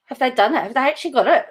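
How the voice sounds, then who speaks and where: A woman's voice: high-pitched, husky. Giggly woman reading news aloud. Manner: keeps breaking into giggles while reading; chatty asides to viewers. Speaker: channel host.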